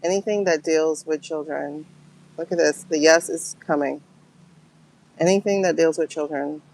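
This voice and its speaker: A woman's voice: deep voice, moderate pace, creaky, darkish tone, a little hiss or hum, poor audio. A woman giving a livestream tarot and pendulum reading, talking to her viewers in an emotional, exclaiming way.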